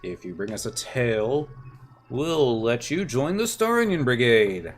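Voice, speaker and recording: A man voicing a bossy boy who leads a children's gang in a game, with a loud, proclaiming, sing-song delivery. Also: medium pitch, big pitch swings, measured pace, faint music behind.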